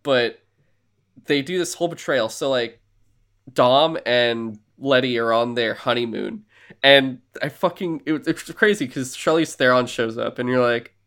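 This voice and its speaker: A man co-hosting a casual podcast, excitedly rambling through a recap with swearing and lots of fillers. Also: mid-range voice, a little slow. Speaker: podcast co-host.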